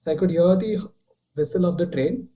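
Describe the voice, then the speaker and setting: Young man, mellow, higher voice, rambling storyteller with fillers, on a video call. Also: moderate pace, muffled recording. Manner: rambling, many fillers and restarts, drops quieter while retelling. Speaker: caller telling a ghost story.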